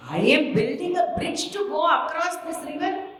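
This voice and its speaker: A woman voicing a patient old man who teaches by example, speaking in a calm, pointed way. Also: extremely high pitch, normal speed, a little hiss or hum, voice pushed up. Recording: echoey hall, mic far off.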